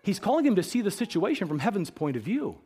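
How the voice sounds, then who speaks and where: A male pastor delivers a sermon in a high voice. His delivery is emphatic, and he repeats key phrases to drive them home. His pitch leaps and falls widely as he presses each point. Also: very animated, fast, dark tone, slightly rough.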